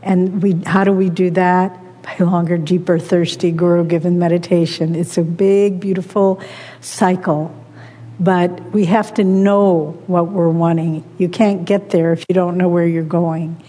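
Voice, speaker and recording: A woman giving a gentle, unhurried spiritual talk to a morning gathering. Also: fairly low pitch, flat delivery. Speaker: spiritual teacher. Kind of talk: sermon. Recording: long hall reverb.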